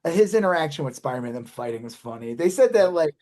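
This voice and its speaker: A man's voice: on the high side, lively intonation, fast talker, darkish tone. A man co-hosting a podcast, chatting loosely about a movie, swearing casually and trailing off mid-sentence. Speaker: podcast co-host.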